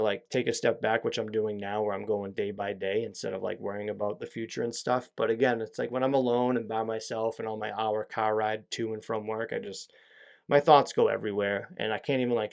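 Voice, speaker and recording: A low, creaky, somewhat dark voice belongs to a young adult man hosting his own podcast. Alone on the mic, he rambles candidly through a casual monologue, swearing and leaning on plenty of fillers.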